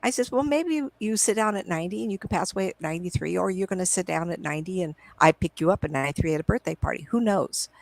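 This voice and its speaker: A middle-aged woman with a gravelly, creaky edge tells stories as a guest in an interview. Her voice comes dry and close through a computer microphone at home. She rambles from one point to the next and acts out old conversations in quoted lines. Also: fairly low pitch, rapid-fire, hardly any pauses, no room sound, rough recording. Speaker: psychic medium guest. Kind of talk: casual interview storytelling. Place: at home on a video call.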